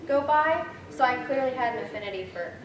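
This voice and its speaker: A woman's voice: high-pitched, animated, fast, crowd noise. A woman in her twenties giving a eulogy at a memorial service, telling chatty, laughing stories with many fillers. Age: 20s. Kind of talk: memorial speech with funny stories. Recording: echoey hall, distant mic, noisy room.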